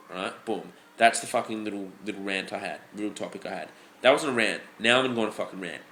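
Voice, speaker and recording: A young man with an Australian accent delivers a blunt, swear-laden vlog rant, looping back on his words and restarting sentences as he goes. His voice has a bright, sharp edge. The room around him is echoey. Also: mid-range voice, quick pace. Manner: profane, blunt, rambling with many restarts. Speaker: fitness vlogger. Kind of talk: ranting vlog monologue.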